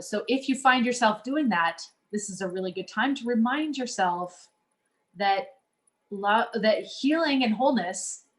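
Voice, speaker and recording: A woman speaks as a coach in a relaxed teaching talk, earnest and conversational. She often restarts her sentences and fills pauses with small words as she explains her point. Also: mid-range voice.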